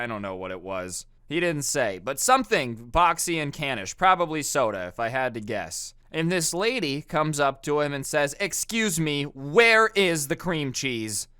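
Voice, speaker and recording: A man's voice: on the high side, bright, forceful tone, clean tone, no echo, clean studio sound. A young man casually narrating a storytime video, conversational with sarcastic asides. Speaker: storytime YouTuber.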